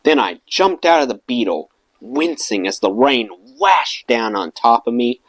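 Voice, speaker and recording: Guy reading a memoir out loud, very up and down expressive, dry close mic, mid pitch. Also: a little slow, dry recording. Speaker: audiobook reader.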